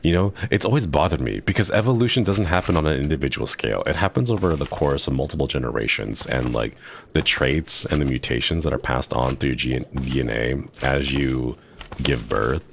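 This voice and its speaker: A man with an extremely deep, gravelly voice chats casually while streaming a game. He rambles from one tangent to the next and gets worked up as he goes. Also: brisk, a little hiss or hum. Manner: rambling, chatty, excitable tangents. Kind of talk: casual chat while gaming.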